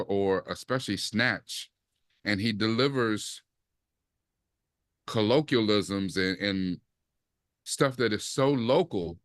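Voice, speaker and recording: A man co-hosting a podcast, talking casually about a TV series and acting out quoted lines in lively bursts. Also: fairly low pitch, smooth, no room sound. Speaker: podcast co-host. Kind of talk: casual chat, TV review.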